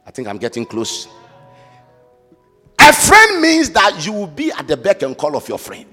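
A male preacher giving an impassioned sermon, shouting and chanting his lines. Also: high voice, wildly swooping pitch, moderate pace, husky, big-room sound, soft background music.

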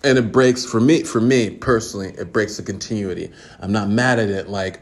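A man's voice: on the low side, fairly even intonation, moderate pace, hardly any pauses. A man hosting a podcast, ranting casually in a profane, exasperated, rambling way. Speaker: podcast host. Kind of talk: casual opinion rant.

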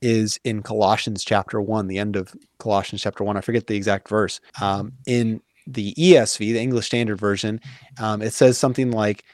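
A man's voice: on the low side, fairly even intonation, a little fast, no room sound, studio quality. A man as an interview guest, explaining in an earnest, thoughtful way with many fillers and restarts. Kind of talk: casual conversational explaining.

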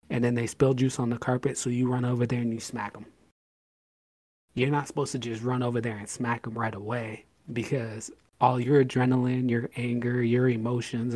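A man at a mid pitch co-hosting a laid-back podcast, talking through his points in long stretches. He drives each point home with emphasis and acts out short bits of scolding. The recording sounds dry and close, with little room sound. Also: a little mellow, no room sound. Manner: explains at length with hypothetical examples. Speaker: podcast co-host. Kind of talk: casual podcast chat.

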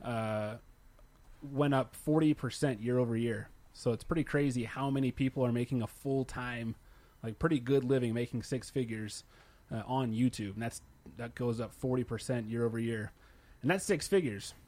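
A man's voice: medium pitch, normal speed, a little mellow. Guy chatting on a podcast, explains stuff with lots of uh's, ordinary mid voice. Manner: explanatory, hedging with fillers. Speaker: YouTube tech channel creator. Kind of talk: casual podcast chat.

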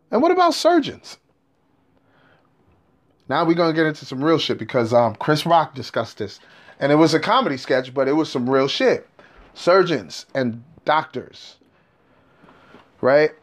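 Animated man telling a street story. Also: on the high side. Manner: animated, profane, streetwise slang. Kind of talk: casual monologue.

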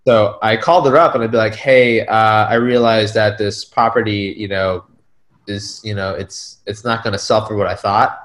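A man's voice: lowish voice, moderate pace. A man casually telling a story about a real estate deal, rambling and full of filler words. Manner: rambling, heavy on filler words, animated retellings.

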